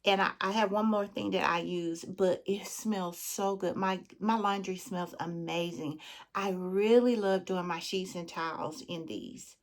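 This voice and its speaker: A woman's voice: lowish voice, fairly even intonation, unhurried. A woman with a Southern US accent, chatting casually with her viewers as a beauty vlogger and calling them friend and girl. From Southern United States. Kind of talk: casual chat.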